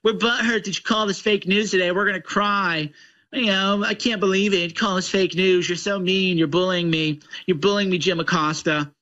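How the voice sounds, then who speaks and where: A man's voice: high voice, steady tone, moderate pace, pushed and bright, dull audio. A man putting on a whiny, crybaby male reporter in a mocking impression. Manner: whining, mocking.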